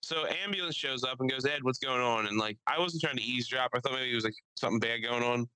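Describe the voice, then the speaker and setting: A young man co-hosting a podcast, telling a story and acting out the people in it with lively voice changes. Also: medium pitch, fast, smooth, no room sound, low-quality recording. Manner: animated, acts out quotes in shifting voices. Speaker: podcast co-host. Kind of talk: casual storytelling chat. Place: studio.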